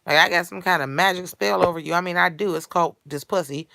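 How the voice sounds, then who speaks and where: Gravelly, bright-voiced woman ranting profanely. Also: lowish voice, quick pace, slight background noise. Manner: blunt, foul-mouthed, streetwise slang, rising to shouting. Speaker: character monologue performer. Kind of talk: profane comedic rant.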